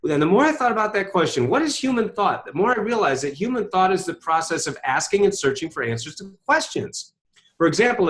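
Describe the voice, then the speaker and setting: A middle-aged man with a high voice tells his story to an interviewer. His pitch leaps up and down, and he drives his points home with emphatic rhetorical questions. He sounds like a speaker used to holding a room. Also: big pitch swings, a little fast, fairly bright tone. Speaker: interview guest, author and speaker. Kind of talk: animated storytelling.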